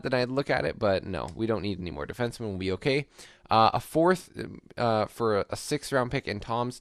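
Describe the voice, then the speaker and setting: A man's voice: on the low side, dry recording, studio quality. A young man casually commenting as he plays a hockey franchise mode, rambling with lots of fillers and upbeat asides. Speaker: gaming YouTuber.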